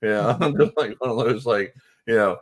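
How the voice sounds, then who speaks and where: A sports radio host chats casually, telling stories in a rambling, excitable way with plenty of fillers. His voice is mid-range and his speed normal.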